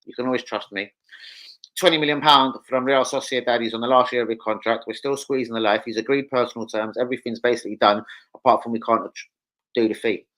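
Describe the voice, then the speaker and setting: A young man hosting a casual football live stream, excitable, swearing and calling out viewers by name. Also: mid-range voice, fast talker. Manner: excitable, swears, calls out chat names.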